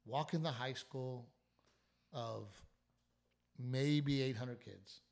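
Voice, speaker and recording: A man's voice: mid-range voice, extremely slow, gravelly. Sick, sleepless man telling a story. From South Texas. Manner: animated, swearing, trailing restarts. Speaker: comedian and podcast host. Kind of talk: casual storytelling chat.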